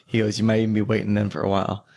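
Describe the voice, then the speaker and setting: A man's voice: lowish voice, completely flat delivery, rapid-fire, creaky, darkish tone. A young man telling a long drinking story in casual chat, rambling, swearing and laughing as he goes.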